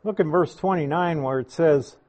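A man preaching a sermon, teaching through a Bible passage verse by verse in a deliberate, emphatic way. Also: a little high, a little mellow.

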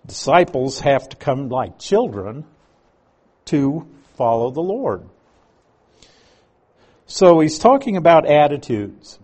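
Man, Bible teacher, slow measured delivery, slightly husky voice. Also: fairly high pitch, very animated, darkish tone. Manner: reads scripture aloud and explains Greek words.

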